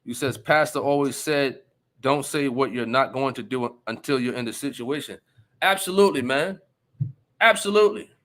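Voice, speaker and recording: This adult male streamer hosts casual commentary, reading out chat messages and responding with emphasis. He keeps checking in with his audience, asking "you understand?" again and again, in a fairly bright, medium-pitched voice at moderate speed.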